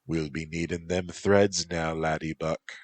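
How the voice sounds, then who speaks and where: A man's voice: extremely low pitch, fairly even intonation, measured pace, no echo. A man putting on a swaggering Irish pirate queen. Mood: commanding. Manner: swaggering, drawling pirate talk. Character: female pirate captain, bold, teasing.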